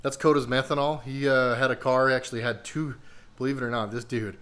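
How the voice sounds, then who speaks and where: A man's voice: medium pitch, fairly even intonation, fairly quick, fairly bright tone. A man hosting his own car vlog, talking casually and rambling a little with many fillers, walking through prep in his garage. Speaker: car vlogger. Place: home garage.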